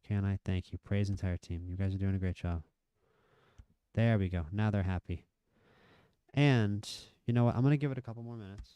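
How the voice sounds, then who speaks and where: Male game streamer with a low, smooth voice, chatty live match commentary, excitable at big moments. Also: brisk, no room sound, muffled recording. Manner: chatty, excitable at near misses and goals.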